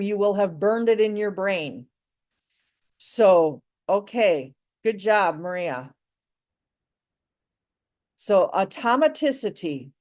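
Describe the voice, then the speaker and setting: A woman teaching an online English lesson, slow and deliberate, encouraging her students. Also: medium pitch. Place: live online class.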